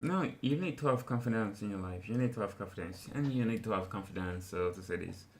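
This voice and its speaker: A man whose first language is French, giving casual live-stream commentary in halting English, searching for words and restarting often. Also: on the low side, animated.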